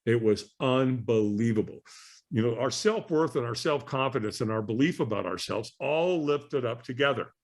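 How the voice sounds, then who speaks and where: A man telling an animated story as a guest on an interview podcast, acting out the voices of people in it. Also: mid-range voice, moderate pace.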